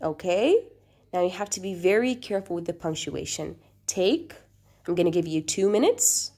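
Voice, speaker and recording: A woman's voice: on the low side, lively intonation, normal speed, dark tone. A woman teaching a recorded grammar lesson, explaining patiently and often checking in with the class. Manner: reads quoted sentences in a lifted, acted-out voice.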